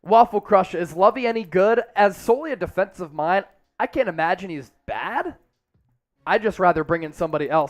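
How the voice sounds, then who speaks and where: A man's voice: sits high, a little fast, lo-fi sound. A young man hosting a live sports stream, casually chatting and reading viewer comments aloud with energy. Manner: energetic, reads chat aloud. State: exerting, counting push-ups.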